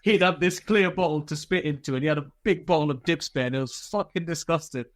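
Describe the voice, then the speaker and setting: A man's voice: on the high side, quick pace, dry recording. A man telling war stories as a podcast guest, candid and laid-back, swearing freely, with lots of fillers and restarts. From Britain. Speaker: guest, army veteran. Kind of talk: casual storytelling interview.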